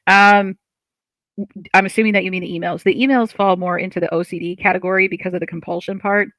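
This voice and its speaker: A woman's voice: on the low side, fairly even intonation, quick pace, a bit bright, dry recording, low-quality recording. A woman hosting a casual livestream from her seat at home, reading viewer comments aloud and answering them in a chatty, open way with lots of fillers. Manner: chatty and open, many fillers, laughs often. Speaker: livestream host. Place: at home, seated.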